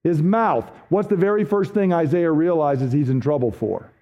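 Man, pastor, sermon, emphatic delivery, high pitch, dull lo-fi recording. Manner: emphatic preacher, drops low and slow for quoted scripture.

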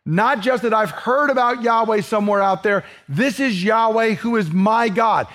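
Male pastor, fairly high voice, emphatic expository preaching. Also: a bit bright. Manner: earnest, emphatic, slows down for scripture readings. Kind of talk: expository sermon.

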